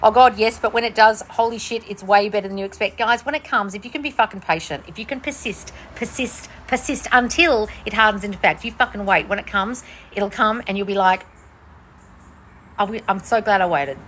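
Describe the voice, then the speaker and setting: A woman's voice: brisk, few pauses, fairly bright tone, a little hiss or hum. A woman manifestation coach answering viewer questions in a casual livestream, talking bluntly and swearing often while sitting outdoors. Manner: blunt, profane, swings between shrill bursts and low mutters.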